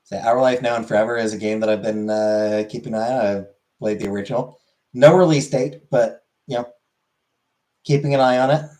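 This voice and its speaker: Male streamer, casual rambling chat, mid-pitched, answers viewers. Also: steady tone, fairly quick, a little mellow.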